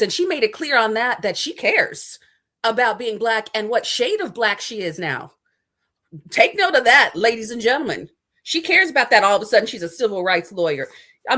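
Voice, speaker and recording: A woman's voice: fairly high pitch, sharp tone. A middle-aged woman co-hosting an opinionated commentary show, sarcastic and mocking. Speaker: co-host.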